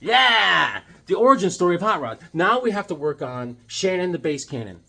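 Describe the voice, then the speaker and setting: A comic book vlogger chats casually about his comic collection, rambling and enthusiastic, cracking jokes. His voice is high, sharp and slightly rough with vocal fry, very animated at a normal speed.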